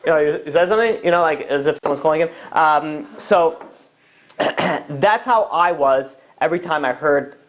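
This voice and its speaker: A man, a rabbi, telling a story in a casual lecture, chatty and animated as he acts out the characters. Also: fairly high pitch, measured pace. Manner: chatty, full of asides to listeners.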